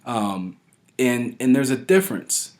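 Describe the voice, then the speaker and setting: A man's voice: medium pitch, sing-song, unhurried. A man in his thirties talking casually and earnestly to his followers, rambling and pressing his points harder as he goes. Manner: earnest, rambling, keeps asking "right?"; grows forceful when stressing a point. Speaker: vlogger addressing followers. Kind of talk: casual direct-to-camera talk.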